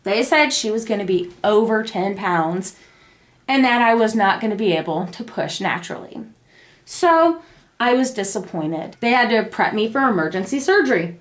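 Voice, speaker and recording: Animated young woman telling a story. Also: moderate pace. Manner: animated, acts out the quoted lines in a high voice. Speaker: vlogger, mother telling a birth story. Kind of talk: casual storytelling to her family. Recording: echoey room.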